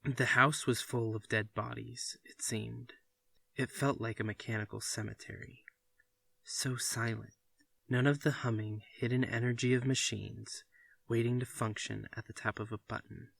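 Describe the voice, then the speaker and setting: A man reading a short story aloud with even, deliberate narration. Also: medium pitch, creaky, dry recording. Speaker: reader.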